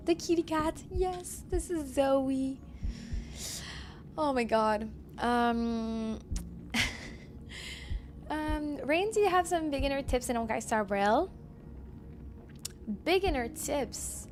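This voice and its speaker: A woman's voice: sits high, lively intonation, takes it slowly, long pauses, slight background noise. A woman streaming a game, chatting casually with viewers, apologetic and laughing often. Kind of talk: casual live-stream chat.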